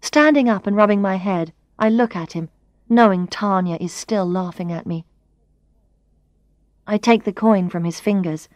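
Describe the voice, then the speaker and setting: A woman reading a first-person story for learners aloud, clear and expressive. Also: medium pitch, normal speed, dry recording. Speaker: narrator. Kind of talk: scripted narration of a learners' story.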